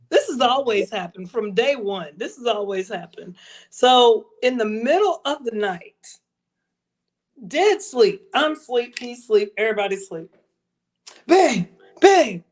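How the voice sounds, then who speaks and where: A woman's voice: fairly high pitch, lively intonation, slow. A woman co-hosting a podcast in casual chat, teasing her partner and retelling moments with drama. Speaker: podcast co-host.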